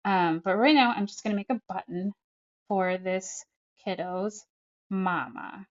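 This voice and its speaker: A woman's voice: mid-range voice, moderate pace, lo-fi sound. A woman speech therapist casually narrating an app tutorial step by step, chatty and full of fillers. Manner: chatty, narrates each tap, frequent fillers. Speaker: speech-language pathologist.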